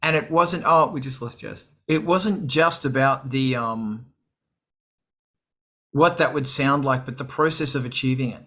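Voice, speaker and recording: A man's voice: mid-range voice, unhurried. A man hosting a live stream, chatting casually to viewers, swearing freely and acting out what others said. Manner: animated, swearing, quoting others in put-on voices. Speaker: livestream host. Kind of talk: casual chat to a live audience.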